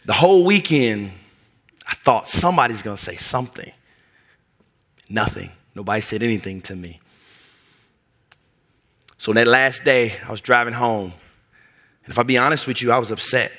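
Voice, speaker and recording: A middle-aged male pastor preaching a sermon, telling a personal story in an animated way and acting out the voices in it. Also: medium pitch, moderate pace, pauses often. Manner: animated, acts out voices in anecdotes.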